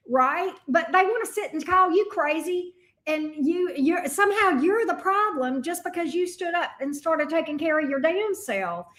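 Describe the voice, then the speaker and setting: Middle aged lady reading tarot, high voice, blunt, cusses, folksy sayings. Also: expressive, normal speed, a bit bright. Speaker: tarot reader. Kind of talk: casual astrology reading chat.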